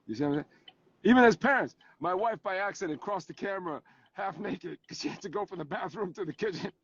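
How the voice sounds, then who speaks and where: A man, a guest actor and advocate, tells animated stories about parenting while sitting in his car on a video call. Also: high-pitched, fast, breathy edge, dry recording. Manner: animated storyteller, acts out family scenes. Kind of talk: casual interview over video call. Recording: dull lo-fi call audio.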